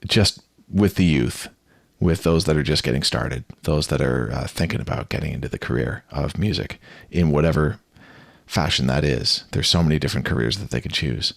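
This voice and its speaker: A man's voice: extremely low pitch, normal speed, vocal fry, no echo, studio quality. A man hosting a podcast interview, speaking in an earnest way and often repeating words. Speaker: podcast host.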